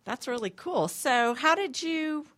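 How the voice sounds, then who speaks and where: A woman's voice: high voice, animated, measured pace, fairly bright tone, no room sound. A woman hosting a radio talk segment, friendly and upbeat as she introduces and questions a guest. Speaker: radio show host. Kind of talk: radio interview chat. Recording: dry studio mic.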